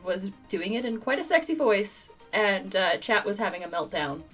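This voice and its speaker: A woman's voice: medium pitch, lively intonation, moderate pace, fairly bright tone, faint music behind. A woman with a nasal voice hosting a live stream, reading chat and donations. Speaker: stream host.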